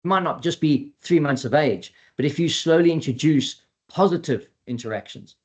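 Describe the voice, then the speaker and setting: A man speaking as a dog trainer in a webinar presentation, talking in a chatty, animated way and acting out what clients and dogs might say. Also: a little high, normal speed, husky.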